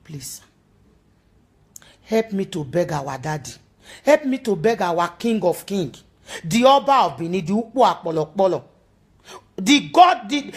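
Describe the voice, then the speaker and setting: A woman with a Nigerian accent making an emotional, pleading appeal, repeating her entreaties and now and then slipping into a sung chant. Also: mid-range voice.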